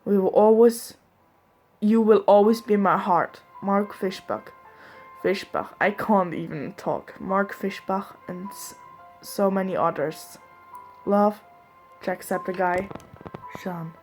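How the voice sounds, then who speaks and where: A woman reading a fan fiction aloud, voicing a grieving young male vlogger who falters and speaks in a subdued, hushed way. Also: mid-range voice, slow, faint music behind, close to an everyday voice.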